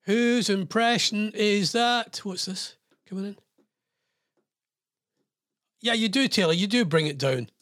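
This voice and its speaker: A man's voice: sits high, slow pace, long pauses, fairly bright tone, no room sound, clean studio sound. A man hosting a radio show, chatting casually in a rambling, self-deprecating way. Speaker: radio host.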